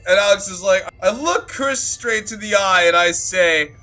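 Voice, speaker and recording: High-voiced rambling game master man. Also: normal speed, soft background music. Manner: rambling and profane, full of "like" fillers; animated, with sudden loud bursts. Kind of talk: casual session recap storytelling.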